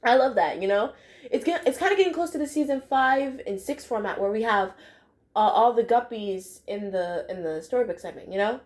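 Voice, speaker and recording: A woman's voice: on the high side, expressive, fairly quick. A young woman chatting casually in a review vlog, full of fillers and phrases she repeats. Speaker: cartoon episode reviewer.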